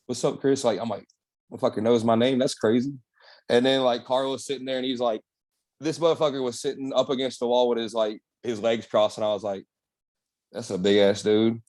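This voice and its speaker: Mid-range and darkish in tone, this young bodybuilder's voice carries his story as an interview guest. His delivery is relaxed, full of slang and profanity, a candid, casual bit of storytelling.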